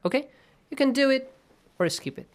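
A man's voice: very high voice, very animated, fairly quick. Man, tajweed teacher, patient, step by step, asks "yes?" often. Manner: patient, step-by-step explaining, checks understanding with "yes?". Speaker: Quran recitation teacher. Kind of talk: radio Quran lesson.

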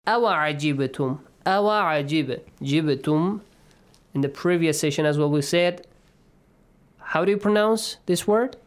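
A man teaches recitation rules over the radio at an unhurried, patient pace. He quizzes his students in turn and models each sound with care before asking them to repeat it. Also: high voice, smooth.

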